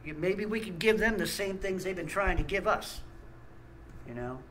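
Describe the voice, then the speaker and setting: A man's voice: high-pitched, lively intonation, normal speed, fairly bright tone, slight background noise, rough recording. A man, host of a small ministry channel, ranting angrily with blunt talk and stammered restarts. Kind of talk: angry ranting monologue.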